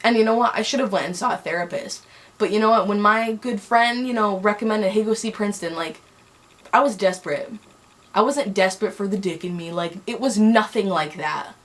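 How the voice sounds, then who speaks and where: A woman's voice: mid-range voice, fairly quick. A young woman telling a personal story on a vlog, angry and heated, rambling with many restarts. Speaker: vlogger.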